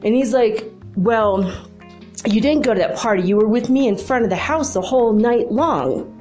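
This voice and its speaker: A woman's voice: on the high side, normal speed. A middle-aged woman casually telling a personal story, laughing often and acting out the dialogue. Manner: animated, laughing, acts out dialogue. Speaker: channel host. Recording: faint music behind.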